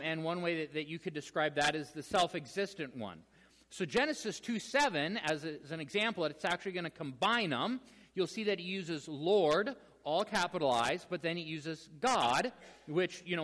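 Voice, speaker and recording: Male pastor, casual teaching sermon, fairly high voice, long hall reverb. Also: fairly bright tone. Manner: conversational teaching with frequent fillers.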